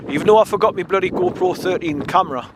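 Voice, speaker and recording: A man's voice: high-pitched, fast talker. A man talking casually while walking his dog on a woodland trail, chatty and rambling, with a coaxing voice for the dog. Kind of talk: casual walk-and-talk narration. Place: outdoors on a woodland trail by a stream. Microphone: handheld camera mic. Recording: loud wind noise on the mic.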